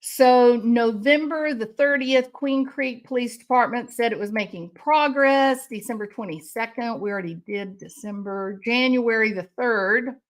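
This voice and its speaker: A woman's voice: a little high, a little slow, hardly any pauses. A woman commenting on a crime case, angry and indignant, with sarcastic rhetorical questions. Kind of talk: impassioned commentary.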